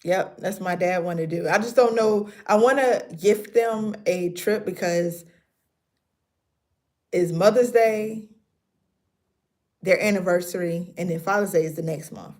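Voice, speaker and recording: A woman's voice: fairly low pitch, measured pace, pauses often, darkish tone. A woman, chatting casually with her viewers on a livestream and laughing often. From North Carolina. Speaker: livestream host.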